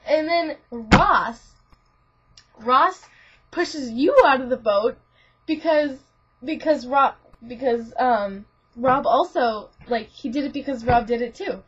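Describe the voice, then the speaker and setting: A woman's voice: sits high, unhurried, husky. Giggly, rambling young woman on lo-fi webcam. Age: young adult. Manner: rambling, giggly, full of "like" and restarts. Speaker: student vlogger. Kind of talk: casual chat to a friend. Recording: lo-fi webcam audio.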